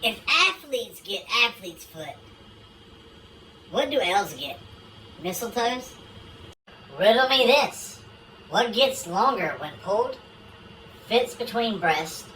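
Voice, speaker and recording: A woman's voice: medium pitch, a bit bright, distant mic, a little hiss or hum, poor audio. A woman telling a string of one-liners and dirty jokes in a dry, matter-of-fact way. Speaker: joke teller. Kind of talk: deadpan joke telling.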